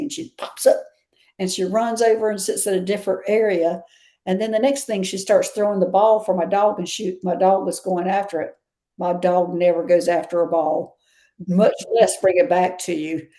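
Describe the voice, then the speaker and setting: A woman's voice: on the low side, steady tone, moderate pace, mellow. A woman with a Southern US accent, a guest chatting and telling stories in an interview, often laughing. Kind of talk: casual interview storytelling.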